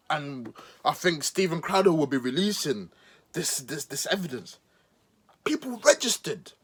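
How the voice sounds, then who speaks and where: A husky man delivers a mocking, sarcastic podcast monologue. His lively voice swings up and down as he teases and exaggerates. It sits a little high for a man. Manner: mocking, animated, playful voices for emphasis. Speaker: podcast host. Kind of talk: sarcastic political commentary monologue.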